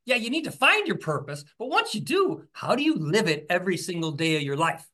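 A man with a bright, forceful voice speaks as a guest in an interview. He talks with eager enthusiasm and leans on stories to make his point, often stumbling and restarting his sentences. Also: sits high, big pitch swings, a little fast. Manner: enthusiastic, storytelling, frequent restarts. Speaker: author and podcast host, interview guest. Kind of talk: conversational interview.

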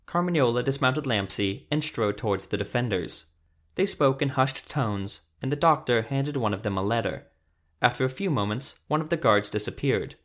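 Steady male fantasy story narrator. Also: mid-range voice, normal speed.

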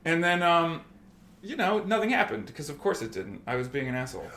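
A man's voice: on the high side, fairly quick, vocal fry, echoey room. A man in his thirties, a former army medic, telling stories in casual conversation, swearing freely and acting out quoted exchanges. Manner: profane, animated storytelling that acts out quoted exchanges.

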